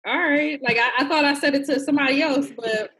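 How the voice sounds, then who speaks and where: A woman's voice: high voice, fast. A woman co-hosting a podcast, telling stories in slangy casual chat, often breaking into laughter. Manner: loud, laughing, slangy storytelling. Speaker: podcast co-host.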